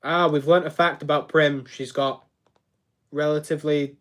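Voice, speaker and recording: Young guy streaming and building, kinda high voice, rambly, keeps tripping over words. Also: fairly even intonation, normal speed, fairly bright tone. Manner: chatty, rambling, reacts to chat and trips over words. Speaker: live streamer. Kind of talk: casual live-stream chat while building.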